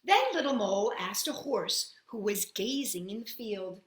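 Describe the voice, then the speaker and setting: A woman storyteller reading a children's picture book aloud, expressive and full of sound effects. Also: medium pitch, measured pace, few pauses. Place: at home. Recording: echoey room.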